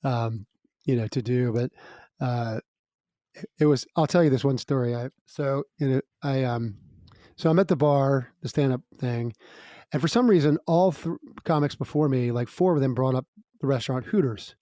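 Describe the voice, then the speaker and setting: A man's voice: mid-range voice, moderate pace, dark tone, no echo, clean studio sound. A middle-aged man, a guest musician, telling stories in a chatty way, laughing between lines. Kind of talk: casual storytelling interview.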